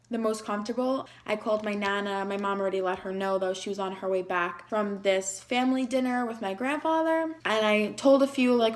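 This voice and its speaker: A young woman vlogger emotionally retelling a personal story in a chatty way, with lots of "like". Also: mid-range voice. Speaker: beauty vlogger.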